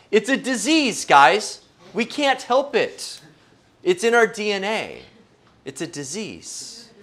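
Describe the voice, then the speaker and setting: Unhurried joking male pastor. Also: sits high, fairly bright tone. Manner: humorous, self-deprecating, asks the audience questions. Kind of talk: conversational sermon.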